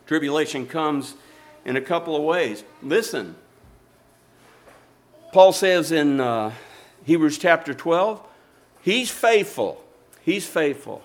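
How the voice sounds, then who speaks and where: A man's voice: a little high, lively intonation, slow, long pauses. An older man preaching a sermon, rising and falling in intensity and calling for amens. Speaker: pastor.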